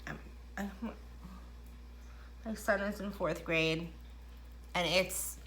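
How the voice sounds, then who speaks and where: Heavy background noise surrounds a middle-aged makeup vlogger as she talks her way through a tutorial at home. She's rambling and self-deprecating, speaking slowly in a medium-pitched, fairly even voice.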